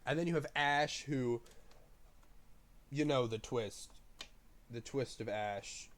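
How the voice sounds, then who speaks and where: A man talking through a film review in a loose, unscripted ramble. He swears freely and his voice jumps up in excited bursts of praise before settling back down. His pitch sits in a middling range. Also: slow. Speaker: movie reviewer.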